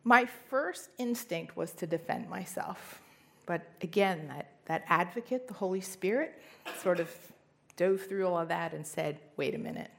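A woman's voice: fairly low pitch, lively intonation, unhurried, vocal fry, fairly bright tone. A middle-aged woman telling a personal faith story in an earnest storytelling manner, with emphatic rises. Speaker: speaker sharing testimony. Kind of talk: personal testimony talk.

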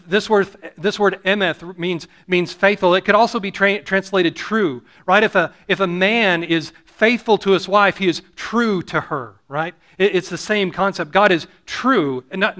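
A man delivering a sermon in a bright, forceful voice pitched a little high for a man. He talks earnestly, repeats and restarts his phrases, and keeps checking in with the congregation. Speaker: pastor.

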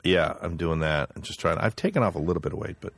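A man's voice: low-pitched, fast, creaky, breathy edge, no echo. A hungover man from Wisconsin chatting casually, swearing freely and telling stories. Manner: profane, storytelling, mimics voices. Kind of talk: casual chat.

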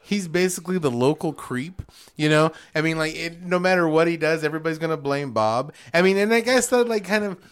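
Higher-voiced man rambling casually. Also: brisk, clean tone. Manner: loose rambling talk with many likes and laughs. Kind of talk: casual podcast chat.

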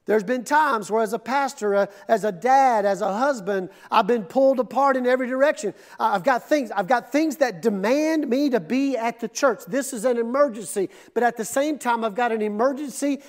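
High-voiced, animated preacher man. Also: normal speed, few pauses. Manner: conversational, animated preaching, asks the crowd. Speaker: pastor. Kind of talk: sermon. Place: air-conditioned church auditorium.

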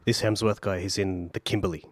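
Low-voiced rambling male storyteller. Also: fairly even intonation, fairly quick, no echo. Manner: rambling storyteller, acts out characters' lines. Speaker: podcast co-host. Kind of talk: casual chat.

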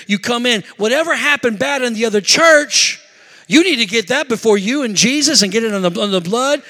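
A man's voice: very high-pitched, bright, forceful tone, long reverb tail. A middle-aged man preaching a sermon as pastor, emphatic, with call-and-response asides to the congregation.

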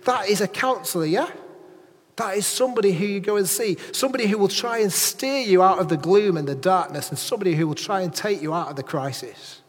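A man preaching a lively sermon in a church, chatting with and questioning his congregation. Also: sits high, brisk, husky, in a large hall. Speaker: pastor.

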